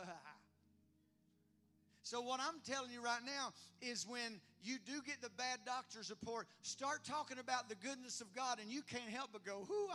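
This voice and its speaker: A male preacher with a very high, bright, forceful voice delivers an animated sermon. He laughs often, acts out the voices he quotes and builds to loud, exclamatory praise, with faint music behind him.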